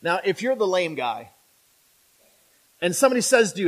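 A man with a high voice for his sex preaches a sermon to his congregation. He talks in a conversational way, often tossing in a quick "right?" and jumping into the voices of imagined people. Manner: animated, acting out imagined speakers.

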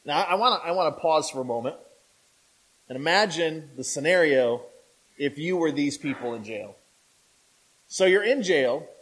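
A male pastor preaching a sermon in a conversational, animated way, asking the listeners questions and acting out the voices of people in the story. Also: fairly high pitch, moderate pace, long pauses, rough recording. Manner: animated, acts out quoted voices; conversational, asks the audience questions.

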